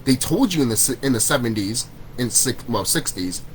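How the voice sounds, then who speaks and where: A man's voice: medium pitch, expressive, normal speed, slight background noise, low-quality recording. A man in a vlog, ranting to his viewers, heated and repetitive, swearing often. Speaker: vlogger. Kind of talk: profane spiritual rant to camera.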